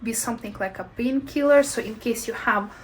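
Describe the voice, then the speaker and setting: A woman in a casual health vlog, sharing her own experience in thoughtful, non-native English phrasing with frequent pauses and fillers. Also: fairly high pitch, a little hiss or hum, rough recording. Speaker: health vlogger. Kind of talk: casual talking-head vlog.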